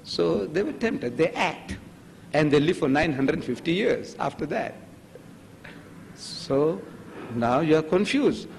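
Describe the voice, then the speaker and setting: An older man with a fairly high voice gives an animated religious lecture, and his pitch swings widely as he plays out each story. His first language is Gujarati. The sound carries a long hall echo over a faint background hiss. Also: slow pace, vocal fry, long pauses. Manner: animated storytelling, acting out dialogue.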